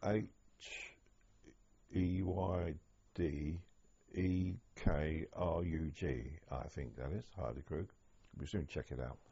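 An older man recalling wartime memories in an oral history interview, speaking haltingly with many restarts. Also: extremely low pitch, warm tone, breathy edge. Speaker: interviewee, former prisoner of war. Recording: dull lo-fi archive tape.

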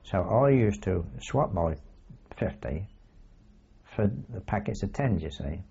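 An older man recalling his wartime days in a rambling oral history, full of asides and halting restarts. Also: sits low, vocal fry, mellow, slightly rough. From England. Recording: dull lo-fi recording.

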